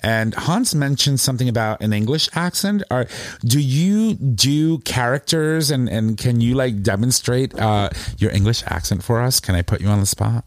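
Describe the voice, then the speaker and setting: A male podcast host in easy, teasing chat, with a pitch that rises and falls a lot. The sound is close and dry, with no room around it. He laughs often and jokes with his guests. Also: lively intonation, normal speed, no room sound. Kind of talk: casual chat.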